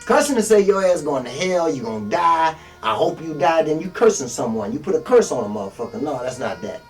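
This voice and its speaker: A man preaching bluntly with heavy swearing, jumping from loud peaks down to low mutters. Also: very animated, fairly quick, recorded from a distance, faint music behind. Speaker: street preacher. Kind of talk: profane motivational sermon.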